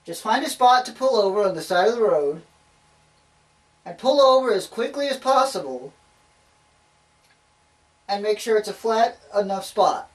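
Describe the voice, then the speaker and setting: A young man with a fairly high voice gives a classroom demonstration speech, calling his listeners folks and joking at his own expense. He is recorded from across the room, so he sounds distant. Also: animated, normal speed, pauses often. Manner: folksy, addresses listeners as folks, self-deprecating asides. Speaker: student giving a demonstration speech.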